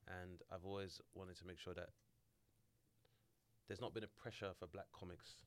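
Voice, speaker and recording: A man, hosting a podcast and asking measured, thoughtful questions in casual chat. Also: low voice, fairly even intonation, smooth. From South East London. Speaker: podcast host.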